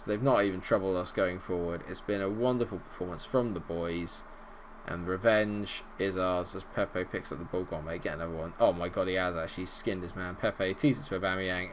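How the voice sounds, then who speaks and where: A man commentating on his own football management game, animated and bursting into shouts at goals, a little unwell. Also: low-pitched, a little fast, a little hiss or hum. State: unwell, not feeling great. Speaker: gaming video host.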